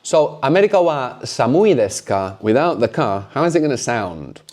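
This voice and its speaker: A man's voice: mid-range voice, big pitch swings, moderate pace, a little mellow. A man teaching a language lesson, explaining patiently and often closing points with a questioning "no?".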